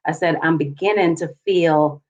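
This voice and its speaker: A woman author and poet, a guest telling her own story calmly and reflectively. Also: low-pitched, lo-fi sound. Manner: calm and reflective, measured. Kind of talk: interview, personal story.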